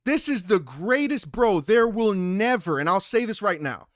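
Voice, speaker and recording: A man's voice: high-pitched, big pitch swings, moderate pace, few pauses, no echo, clean studio sound. Profane ranting young male streamer. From Italian heritage. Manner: loud, profane, ranting, reads chat aloud. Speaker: livestream host. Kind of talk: casual livestream commentary.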